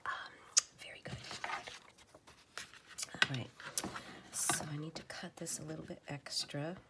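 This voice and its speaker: A woman chatting casually at her home craft table, rambling and often dropping into a soft whisper. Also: low voice, steady tone, unhurried. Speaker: crafter making journal ephemera.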